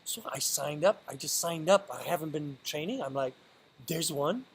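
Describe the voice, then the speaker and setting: A man's voice: a little high, expressive, normal speed, slightly rough, rough recording. A man talking straight to camera in a motivational vlog, earnest and stumbling, often repeating and restarting his words. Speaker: vlogger. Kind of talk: motivational monologue.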